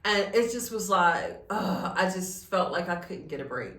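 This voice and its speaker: A woman's voice: fairly low pitch, animated, unhurried, a bit bright, roomy sound, distant mic. Tearful woman sharing a faith-filled vlog. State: close to tears. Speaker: vlogger. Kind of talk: emotional personal vlog.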